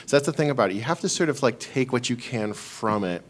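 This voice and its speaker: A man's voice: medium pitch, animated, fast talker. A man on a convention panel giving thoughtful advice, often stammering and restarting words.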